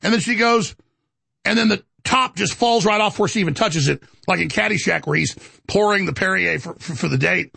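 Gravelly, raspy male talk host. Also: high-pitched, fairly quick, no echo. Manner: rambling, animated, indignant. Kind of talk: ranting monologue.

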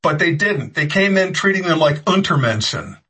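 A man's voice: on the high side, expressive, moderate pace, sharp tone, slightly rough, rough recording. A man giving impassioned political commentary, rambling with frequent restarts and sarcastic jabs.

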